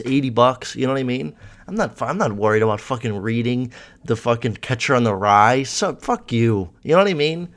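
A young man hosting a podcast in casual chat, rambling and swearing with a sarcastic edge. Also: mid-range voice. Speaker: podcast host.

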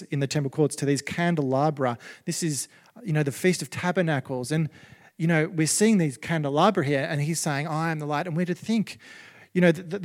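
A man's voice: a little high, big-room sound. A man preaching a sermon as pastor, conversational, with many fillers and restarts.

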